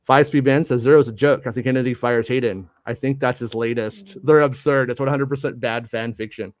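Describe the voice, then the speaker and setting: A man's voice: medium pitch, fairly even intonation, a little fast, no echo, studio quality. A man hosting a casual live show, reading viewer comments aloud in a rambling way, with lots of stammered restarts and self-deprecating asides. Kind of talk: casual live-stream chat.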